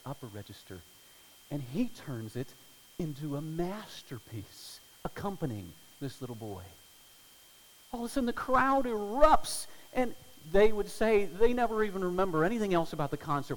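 A man preaching a sermon, telling a story with dramatic swings between hushed and loud delivery. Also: mid-range voice. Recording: hall reverb with faint hum.

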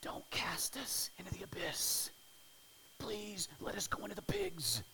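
A man's voice: high-pitched, lively intonation, unhurried, vocal fry, pushed and bright, pitched above the performer's own voice, exaggerated voice. Man whispering as a pleading demon horde. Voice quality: unvoiced whisper. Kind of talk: whispered role-play.

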